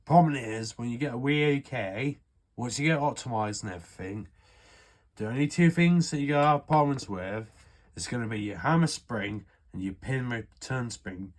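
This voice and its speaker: A mid-range male voice at ordinary speed comes from a UK hobbyist showing an airsoft repair. He keeps the how-to casual, rambling and full of swearing.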